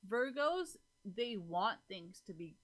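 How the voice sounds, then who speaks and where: A very animated woman takes it slowly in a medium-pitched, fairly bright voice as she livestreams. She chats casually with viewers, rambling with plenty of fillers, frequent laughter, and casual swearing.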